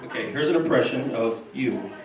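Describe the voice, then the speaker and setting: A man doing a stand-up comedy set in a club, with a deadpan, halting delivery full of fillers. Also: medium pitch. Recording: echoey room from far off, loud crowd noise.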